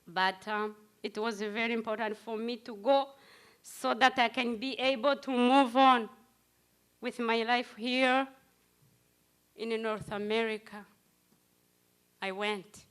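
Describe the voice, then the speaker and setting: A middle-aged woman gives her testimony at a commemoration. Her voice sits high, and she speaks slowly in short, broken phrases. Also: steady tone, a bit bright, clean tone. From Rwanda. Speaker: survivor giving testimony at a commemoration. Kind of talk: personal testimony speech.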